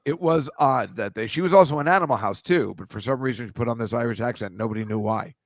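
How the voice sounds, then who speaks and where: A man's voice: medium pitch, fast, dry recording, studio quality. A man hosting a casual comedy chat, teasing his guest with a guessing game of photo clues. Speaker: podcast host.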